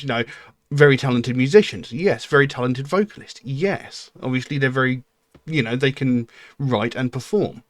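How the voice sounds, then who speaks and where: A man's voice: medium pitch, dry recording, clean studio sound. Rambling middle-aged man. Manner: rambling and candid, with frequent um and you know. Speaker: music reaction channel host. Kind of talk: casual reaction commentary.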